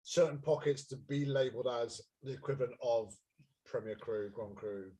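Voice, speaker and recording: A man's voice: mid-range voice, moderate pace, warm tone. A man co-hosting a live wine tasting stream, chatting casually with jokey, sweary banter. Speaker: co-host of a wine tasting livestream. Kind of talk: casual chat.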